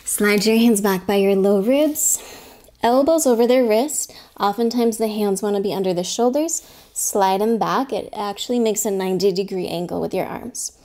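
A young woman leads a yoga class with an even, medium voice. She gives calm, step-by-step cues on each pose, and some of her words drop to a soft whisper. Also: mid-range voice, moderate pace. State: slightly out of breath. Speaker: yoga teacher. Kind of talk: guided yoga class instruction.

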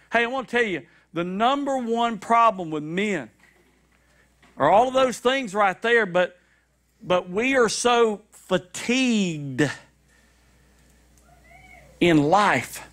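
A man preaching a sermon, animated and repetitive, with shouted high-pitched acted quotes, in a church. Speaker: pastor. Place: church sanctuary.

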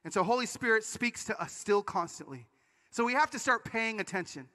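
Male conference preacher, high bright voice, animated storyteller, hall reverb. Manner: animated storytelling with quick asides. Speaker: conference speaker. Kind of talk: energetic sermon talk.

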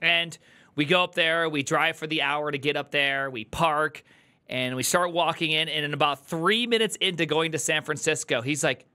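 A man with a bright, forward voice gives rambling, sarcastic commentary while reacting live to a news video. His talk is loose and full of fillers and asides. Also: a little high, normal speed, clean tone. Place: home streaming setup.

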